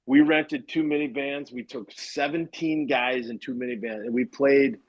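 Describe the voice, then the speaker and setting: Man with a middling voice, chatty and animated, playing out quoted lines. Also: medium pitch, moderate pace, lo-fi sound. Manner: lively, acts out quoted dialogue. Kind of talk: casual storytelling chat.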